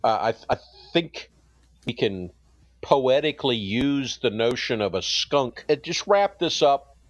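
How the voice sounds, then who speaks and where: A man's voice: medium pitch, animated, measured pace, dry recording. A man co-hosting a podcast in playful, ironic banter who laughs easily. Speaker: podcast co-host.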